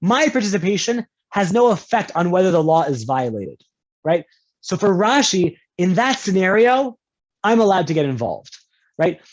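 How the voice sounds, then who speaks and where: A man's voice: sing-song, moderate pace. Man lecturing conversationally over a video call. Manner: conversational, often checks in with "right?"; playful with examples, jumps into higher pitch for quoted speakers. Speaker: rabbi teaching a class. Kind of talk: online lecture on Jewish law. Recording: dull lo-fi video call audio.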